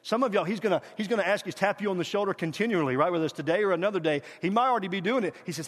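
A middle-aged man preaching a guest sermon, animated and urging the congregation to repeat after him, at times dropping to a quiet hush. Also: sits high, very fast, hardly any pauses. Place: church sanctuary. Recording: reverberant church hall.

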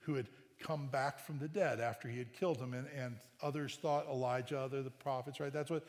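A male pastor preaching a sermon in an emphatic way, often rising to loud bursts and checking in with the congregation. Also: medium pitch, steady tone, fairly quick. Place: church sanctuary. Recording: long hall reverb.

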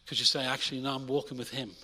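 A young adult pastor preaches a sermon in a church, energetic and racing, swinging between loud urging and quiet, intimate asides. His mid-range voice echoes in a large hall.

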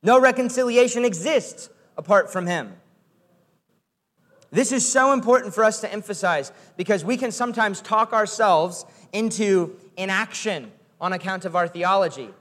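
High-voiced preacher in a reverberant hall. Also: male voice, normal speed, fairly bright tone. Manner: earnest, emphatic, repeats key phrases. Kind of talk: sermon.

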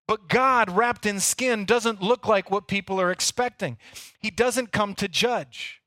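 Man, pastor, sermon, bright sharp tone, dry sound, earnest, repeats words. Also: sits high, a little slow, no room sound.

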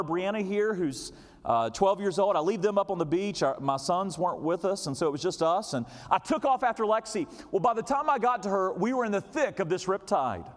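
High-voiced preacher in a big hall. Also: male voice. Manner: dramatic, swings from loud shouts to low quiet asides. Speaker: pastor. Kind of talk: sermon storytelling. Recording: long hall reverb.

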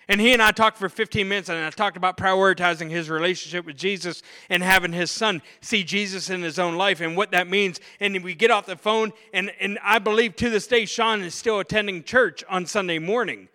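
A man's voice: high voice, a little fast, few pauses, sharp tone. A man in his forties, a pastor preaching a sermon, emphatic, acting out quotes in his delivery. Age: 40s. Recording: long reverb of a large hall.

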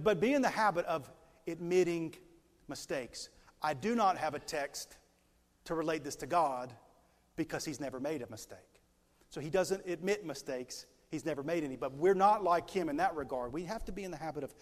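A man preaching a sermon as a pastor, emphatic and stretching key words slowly for weight. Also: a little high. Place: large church sanctuary. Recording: long reverb of a large hall.

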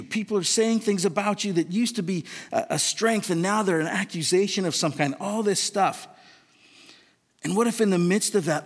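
A man with a high voice preaches a sermon, earnest and conversational, asking his listeners questions as he goes. His words ring out with a long echo around a large church hall. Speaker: pastor.

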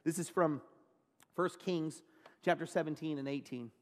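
High-voiced man preaching in a reverberant hall. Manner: earnest preaching, pauses and slows down on key phrases. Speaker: pastor. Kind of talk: sermon. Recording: long reverb of a large hall.

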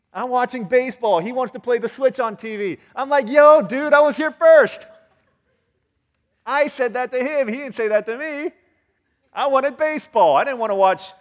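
A man giving a sermon as pastor, telling everyday stories and acting out quoted lines with lots of energy. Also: sits high. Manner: animated storytelling with acted-out quotes. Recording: long hall reverb.

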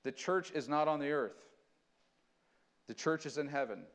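Male pastor, slightly high voice, earnest sermon delivery with dramatic scripture readings. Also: moderate pace.

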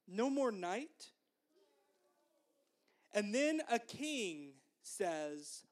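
A woman leading a children's sermon at an unhurried pace. She speaks gently and encouragingly, pausing so the little ones can repeat phrases after her. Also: mid-range voice, animated. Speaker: children's minister.

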